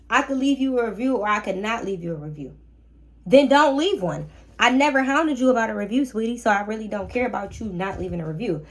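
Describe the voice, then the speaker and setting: A young woman hosting a casual storytime vlog about her rental guests, talking in a sassy, animated way with slangy asides to the viewer. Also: mid-range voice. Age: young adult. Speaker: short-term rental host.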